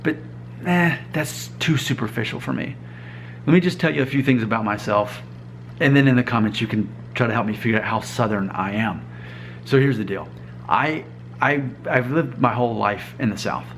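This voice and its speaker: A man's voice: medium pitch, moderate pace, slight background noise. A man in his thirties from Alabama, vlogging in a casual, musing monologue, chatty and self-questioning. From Alabama, US South. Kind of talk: casual talking-to-camera monologue.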